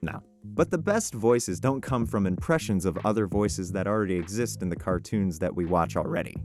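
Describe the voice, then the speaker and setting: Upbeat lowish-voiced man giving advice. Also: animated, normal speed, a little mellow, faint music behind. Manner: upbeat, encouraging, conversational. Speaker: voice actor giving tips. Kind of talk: casual advice vlog.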